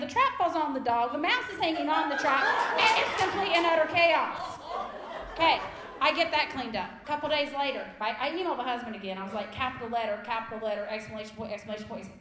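A woman, a kindergarten teacher in her thirties, telling a comic story live to an audience in an animated, emphatic way. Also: high-pitched. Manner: animated, emphatic, laughs through lines. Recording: echoey room.

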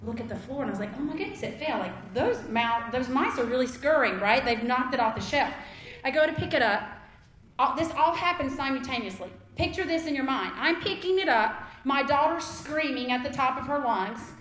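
A woman, a kindergarten teacher in her thirties, telling a comic story live to an audience in an animated, emphatic way. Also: sits high, brisk. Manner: animated, emphatic, laughs through lines. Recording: echoey room.

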